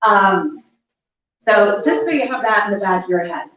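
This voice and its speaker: A middle-aged woman telling a funny personal story at a live story slam, animated and laughing as she goes. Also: mid-range voice, moderate pace. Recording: echoey, distant, dull live room recording.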